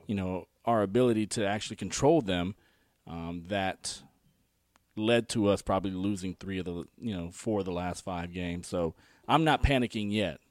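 A man's voice: low-pitched, moderate pace, a little mellow, dry recording, studio quality. A man co-hosting a casual sports podcast, explaining his points earnestly with frequent ums and you-knows. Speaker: podcast co-host.

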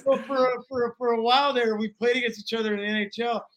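A man in his forties, a former pro hockey player from Alaska, telling stories in a rambling, animated way with many restarts. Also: very high-pitched, quick pace. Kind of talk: casual storytelling interview.

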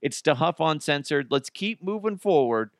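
A man's voice: a little high, normal speed, dry recording, studio quality. Blunt, profane man hosting a podcast. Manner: animated, blunt and profane, with sarcastic asides. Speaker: podcast host. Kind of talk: casual solo podcast monologue.

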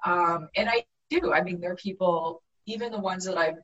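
A woman actress telling lively stories in a casual interview, laughing often. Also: fairly low pitch, normal speed, distant mic, dull audio, slight background noise. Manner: animated anecdotes with frequent laughter. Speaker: actress guest.

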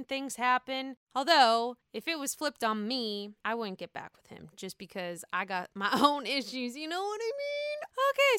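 A woman hosts a casual gossip podcast in a sassy, cussing style, tossing out "honey" all the time. Her voice sits a little high and rings bright and smooth. It is recorded dry and close on the mic. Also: no room sound. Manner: sassy and profane, keeps calling the listener honey. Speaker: podcast host. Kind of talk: casual reality-TV gossip chat.

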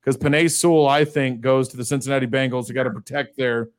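Man, podcast co-host, mid pitch, chatty, asks the questions. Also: fairly even intonation, quick pace. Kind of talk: casual sports chat.

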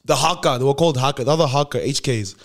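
A young man with a South African accent telling a story casually on his podcast, acting out other people's lines in a slangy, animated way. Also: mid-range voice, very fast, gravelly.

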